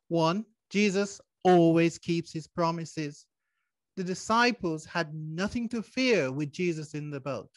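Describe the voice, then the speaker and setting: A man preaching a sermon over a video call, laying out his points in a measured way. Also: a little high, no room sound. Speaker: pastor.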